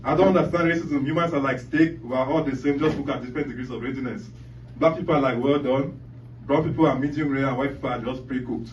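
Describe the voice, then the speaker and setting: A man's voice: mid-range voice, fast, muffled recording. A man doing a loose, profane stand-up set, often laughing at his own jokes. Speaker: stand-up comedian. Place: comedy club stage. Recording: echoey club from a far mic, loud noise.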